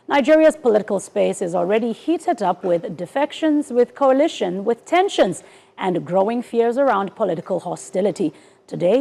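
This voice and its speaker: A woman's voice: mid-range voice, gravelly, dark tone. A woman from South Africa co-hosting a morning TV news show, reading headlines in an upbeat way and bantering playfully with her co-host in a studio.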